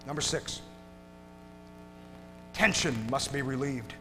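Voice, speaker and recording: Man, pastor, preaching sermon, hushed to shouting, long church reverb, music behind. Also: mid-range voice, measured pace, pauses often. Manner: swings from hushed and tender to loud shouting. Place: church sanctuary.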